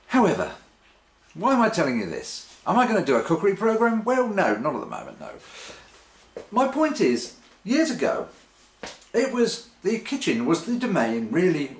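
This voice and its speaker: A man rambling wryly to camera in his kitchen, hesitant and full of ums and restarts. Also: mid-range voice. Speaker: vlogger. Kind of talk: casual rambling monologue. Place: home kitchen. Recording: roomy kitchen echo.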